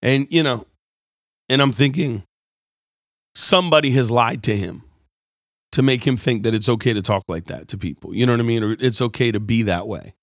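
A man giving a conversational, storytelling sermon as host of his show, moving between quiet reflection and animated retelling. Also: mid-range voice, normal speed, pauses often, no echo, clean studio sound. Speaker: pastor. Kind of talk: sermon-style talk.

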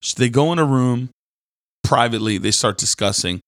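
A man's voice: medium pitch, normal speed, no echo. A man hosting a podcast, retelling a Bible story in a casual, slangy sermon style and acting out the characters. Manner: animated, slangy, acts out characters in quotes. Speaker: podcast host, preacher.

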